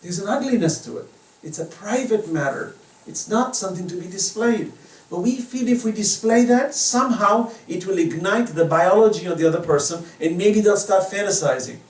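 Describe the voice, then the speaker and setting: A man's voice: sits high, moderate pace. A man giving an impassioned religious lecture at a private home, mixing storytelling with moral teaching. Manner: impassioned, storytelling, varies loudness widely. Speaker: Islamic lecturer. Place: private residence. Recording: echoey room from far off, faint noise.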